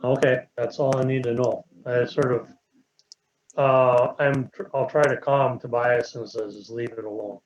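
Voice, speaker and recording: A man playing at a tabletop game table. His voice sits at an ordinary pitch, and he asks his questions haltingly, restarting as he goes. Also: steady tone, highs cut off, slight background noise. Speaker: player.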